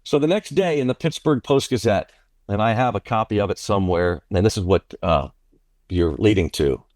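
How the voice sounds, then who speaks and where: A man who is a baseball play-by-play broadcaster, telling a long story in an interview, animated and often repeating himself. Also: on the low side, moderate pace, no echo, studio quality. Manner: animated, repeats and restarts phrases.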